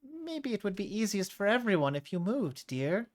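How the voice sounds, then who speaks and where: A prim, meddling woman on a bus, sweetly condescending, as a male narrator puts her on. Her voice is lifted well above the reader's own, a clear put-on storybook voice. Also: high-pitched, very animated, normal speed, pitched above the performer's own voice.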